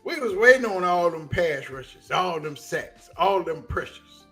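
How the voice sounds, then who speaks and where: A man with a Southern US accent giving a casual, animated sports commentary on a livestream, telling stories in slang. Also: sits high, unhurried, faint music behind.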